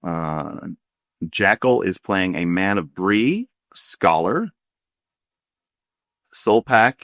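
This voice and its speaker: A man's voice: low voice, fairly bright tone, no room sound, studio quality. A man running a tabletop game, explaining rules in a rambling way with many fillers and restarts. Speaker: game master. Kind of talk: casual tabletop game chat.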